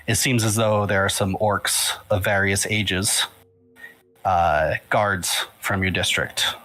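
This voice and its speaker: A man's voice: deep voice, low-quality recording. A man narrating a tabletop role-playing game as game master, loose and full of fillers. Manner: relaxed, filler-heavy narration.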